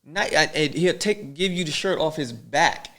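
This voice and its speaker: A man's voice: fairly high pitch, unhurried. A man hosting a podcast, talking in a casual, slangy way and giving advice straight to his listeners. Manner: animated, preachy, slangy, addresses listeners directly. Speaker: podcast host. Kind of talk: motivational casual chat.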